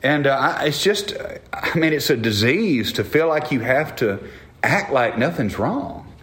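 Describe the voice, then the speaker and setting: A man's voice: mid-range voice, lively intonation, a little slow, fairly bright tone, echoey room. A middle-aged man preaching a sermon in an earnest, conversational way, often restarting his phrases. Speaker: pastor.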